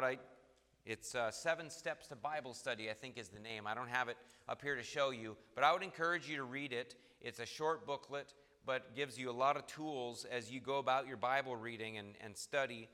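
Earnest male preacher, emphatic delivery, bright voice, recorded with long hall reverb. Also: mid-range voice. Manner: earnest, emphatic, reads scripture slowly. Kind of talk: sermon.

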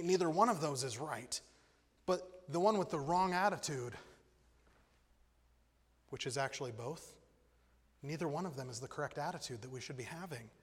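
Guy preaching a sermon, kinda high voice, lively, long echo from the hall. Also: husky. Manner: animated, acts out voices in stories. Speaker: pastor.

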